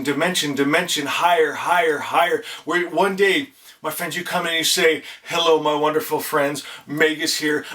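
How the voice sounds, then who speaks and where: A man's voice: on the high side, pushed and bright. A man hosting a spiritual channel, speaking to his viewers in an effusive, heartfelt way, repeating "my friends" and often stammering and restarting. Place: indoors at home. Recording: voice a bit distant from the mic.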